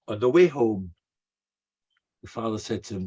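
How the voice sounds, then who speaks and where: A man's voice: fairly low pitch, moderate pace, long pauses, warm tone, breathy edge. A man, a rabbi, delivering a sermon full of stories, a folksy storyteller who weaves in Hebrew and Yiddish terms. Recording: dull, muffled lo-fi recording.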